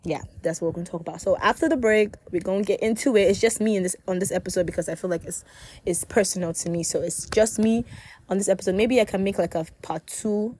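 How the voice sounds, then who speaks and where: A woman's voice: medium pitch, fast, darkish tone. A young woman hosting her own podcast alone, rambling and correcting herself as she talks. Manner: rambling, self-correcting, laughs often. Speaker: podcast host. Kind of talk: casual solo podcast chat.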